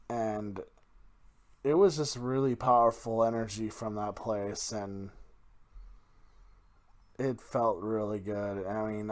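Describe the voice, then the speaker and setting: A man hosting his own podcast in a casual, rambling solo talk, correcting his own slips and laughing at himself. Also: fairly low pitch. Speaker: podcast host.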